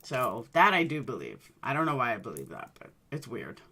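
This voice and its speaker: Low-voiced woman chatting casually. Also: big pitch swings, moderate pace, pushed and bright, slightly rough. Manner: rambling storyteller, addresses viewers by name. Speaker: livestream host chatting with viewers. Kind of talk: casual chat.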